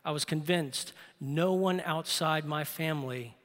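A man preaching a sermon, telling stories and dropping low and slow for emphasis, then rising loud when he exhorts. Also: in a large hall. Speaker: pastor.

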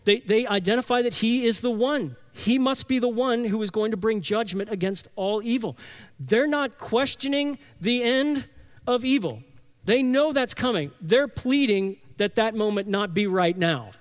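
Male pastor mid-sermon, higher-pitched voice, earnest emphatic delivery with rhythmic repetition. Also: normal speed. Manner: earnest, emphatic, builds with repeated phrases.

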